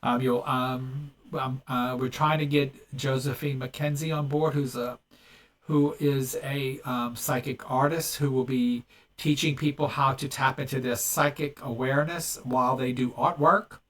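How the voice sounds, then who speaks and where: A man's voice: medium pitch, fairly even intonation, a little slow, fairly bright tone, recorded from a distance. A man hosting a podcast in casual chat, rambling with many restarts and fillers. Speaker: podcast host and medium.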